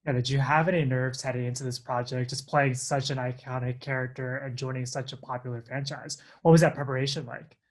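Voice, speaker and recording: A man interviewing a young actor, asking upbeat, steady questions. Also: medium pitch, fairly quick, hardly any pauses.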